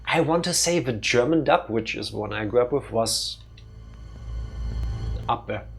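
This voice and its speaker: A man's voice: medium pitch, lively intonation, measured pace, vocal fry, faint music behind. A young man streaming a let's play, joking wryly and rambling with frequent restarts. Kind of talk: casual gameplay commentary.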